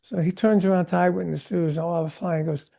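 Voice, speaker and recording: Older male guest storyteller, gravelly and dark, lively rambling anecdotes. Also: high voice, fast talker. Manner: animated rambling anecdotes, acts out quotes. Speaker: guest drummer. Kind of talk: storytelling interview chat.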